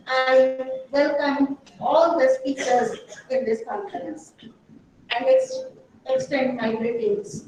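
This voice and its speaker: A woman with an Indian English accent giving a formal welcome speech at a conference, reading out names and titles in a measured way. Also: sits high, a little mellow, a little hiss or hum. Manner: measured, reads long lists of names and titles. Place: large auditorium. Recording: very echoey hall, heard from far off.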